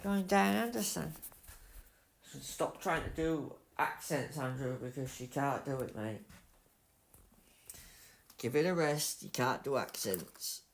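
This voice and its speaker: A man streaming a racing game live, muttering commentary to himself and breaking into loud self-mocking outbursts. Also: mid-range voice, a little slow, a little hiss or hum. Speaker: gaming streamer.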